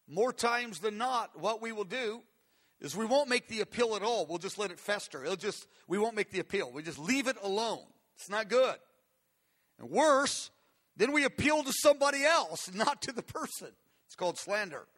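A man's voice: sits high, animated, moderate pace, bright, forceful tone. A man preaching a conversational, earnest sermon, asking his listeners questions as he teaches. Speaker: pastor.

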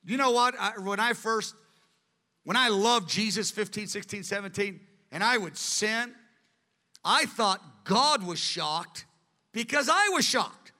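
A man preaching a sermon with earnest, animated delivery, in a large hall. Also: high-pitched, measured pace. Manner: earnest, acts out quoted voices. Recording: long hall reverb.

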